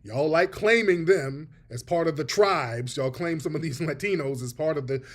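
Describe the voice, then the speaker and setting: Male host, pointed emphatic commentary, a little higher voice. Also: normal speed. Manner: emphatic, addresses audience as family. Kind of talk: commentary on played clips.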